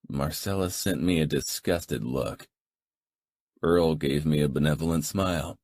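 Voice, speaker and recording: A man narrating a first-person audiobook in a steady, low-key manner with a husky voice. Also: normal speed, dry recording, clean studio sound.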